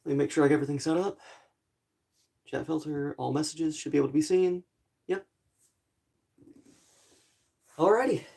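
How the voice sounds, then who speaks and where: A man's voice: on the high side, fast talker, gravelly, a little mellow. Groggy young man rambling on a live stream. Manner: rambling, apologetic, chatty with viewers. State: groggy morning voice. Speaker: livestreamer. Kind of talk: casual live stream chat. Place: home in a rural area.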